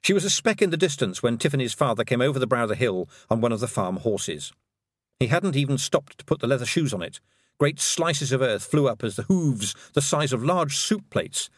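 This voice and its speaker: A man reads a novel aloud in a measured, expressive way, his pitch rising and falling with the story. The voice is close and dry, with no room around it. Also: no room sound. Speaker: audiobook narrator. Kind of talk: scripted narration.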